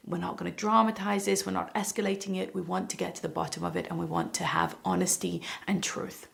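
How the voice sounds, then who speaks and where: A woman giving a calm, explanatory parenting lesson to camera, now and then acting out what a parent or child might say. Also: medium pitch, vocal fry. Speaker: parenting educator. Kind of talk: instructional talk to camera.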